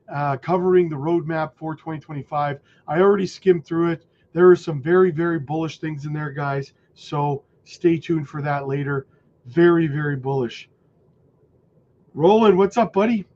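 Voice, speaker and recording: A man hosting a casual crypto livestream, greeting viewers by name, his voice going hoarse. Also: on the high side. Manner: chatty, shouts out viewers by name. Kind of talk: casual livestream chat reading comments. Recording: dull lo-fi audio.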